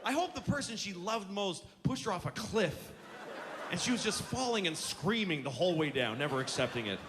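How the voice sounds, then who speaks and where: A profane, ranting stand-up comedian. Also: male voice, sits high, lively intonation, brisk, music in the background. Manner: profane, sarcastic ranting that builds to outbursts. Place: comedy stage with a live audience. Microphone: handheld stage mic. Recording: noisy live stage recording.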